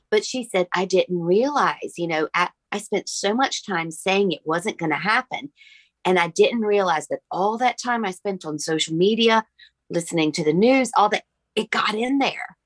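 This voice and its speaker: Woman, healer guest, animated storyteller, dry close recording. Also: medium pitch, normal speed, no echo. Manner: animated storyteller acting out dialogue. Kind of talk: conversational interview storytelling.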